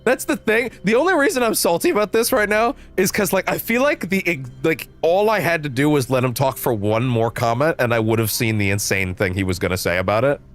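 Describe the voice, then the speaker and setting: Profane, animated man streaming. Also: a little fast, few pauses. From Canada. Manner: animated, profane ranting with shifting pitch. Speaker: livestreamer. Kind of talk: casual livestream chat.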